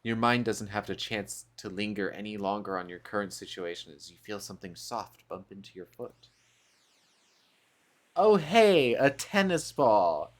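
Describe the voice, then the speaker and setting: A man reads a dating game aloud on a live stream and breaks off into playful, self-mocking asides. His pitch swings widely as he talks, and he takes his time over every line. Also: expressive, unhurried. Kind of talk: reading a dating game aloud while chatting.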